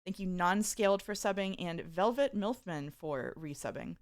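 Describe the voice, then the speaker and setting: A woman's voice: lowish voice, animated, moderate pace. A woman streamer chatting casually with her viewers, reading out their messages and laughing often. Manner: reads chat aloud, chatty and giggly. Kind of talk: casual live-stream chat.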